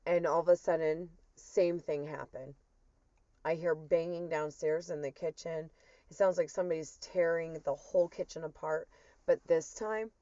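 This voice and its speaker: A woman with a low, dark voice earnestly retells a personal spiritual experience as a testimony, telling it with emotion. The recording is dull, muffled and dry, with no echo.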